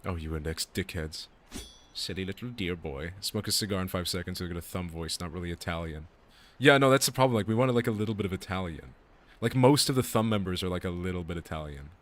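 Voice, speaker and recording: Male streamer, lowish voice, excitable and sweary, lots of laughs and stumbling restarts. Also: quick pace, slight background noise. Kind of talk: casual chat on a live stream.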